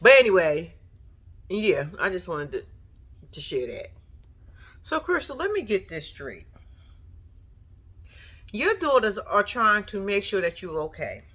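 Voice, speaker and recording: Unhurried and sing-song, with long pauses, this woman's medium-pitched voice sounds a bit bright and slightly rough. As a reaction vlogger in a casual video, she addresses the TV figure head-on with blunt, profane, sassy remarks.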